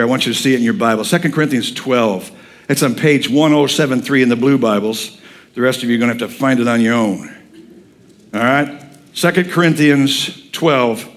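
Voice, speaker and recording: A middle-aged male pastor preaching a folksy, animated sermon in a church and quizzing the congregation as he goes. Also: mid-range voice. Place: church sanctuary.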